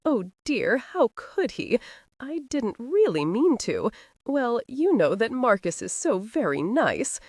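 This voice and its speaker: A woman's voice: fairly low pitch, big pitch swings, a little slow, dry recording, studio quality. A woman voicing a witty young noblewoman who talks in a sweetly sarcastic, mock-guilty way.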